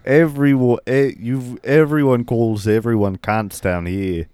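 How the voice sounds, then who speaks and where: A man's voice: fairly even intonation, unhurried, clear, resonant tone, no echo, lightly acted. A man voicing a crude, rowdy Australian bloke in improvised podcast comedy, with a put-on Australian accent. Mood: boisterous. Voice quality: raised pitch, loud crude banter. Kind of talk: improvised comedy role-play.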